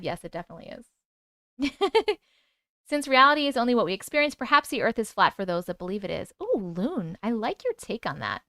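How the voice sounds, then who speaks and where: A woman hosting a casual livestream, chatting with viewers and rattling off quick thank-yous for gifts, excitable and prone to laughing and swearing. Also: a little high, no room sound, studio quality. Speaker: livestream host. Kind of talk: casual livestream chat, reading comments and thanking gifters.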